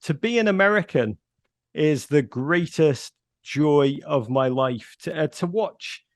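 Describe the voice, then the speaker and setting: A man's voice: on the high side, animated, slow, dry recording, clean studio sound. A middle-aged man with a Northern English accent, chatting as a radio guest and telling stories with playful self-mockery. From north of England. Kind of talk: casual radio chat.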